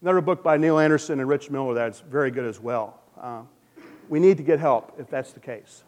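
A man preaching a sermon as pastor, earnest and personal, swinging between loud emphasis and a soft, gentle hush. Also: medium pitch, a little fast, in a large hall.

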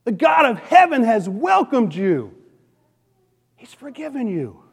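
A male pastor preaching a sermon, swinging from loud emphatic questions to soft, hushed appeals. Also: very high voice, sing-song, unhurried, creaky, husky, long reverb tail.

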